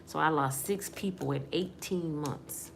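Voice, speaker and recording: A woman's voice: deep voice, unhurried, gravelly, noisy background. A middle-aged woman from Michigan, earnestly telling her life story as a personal testimony in casual, emotional talk. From Michigan, USA.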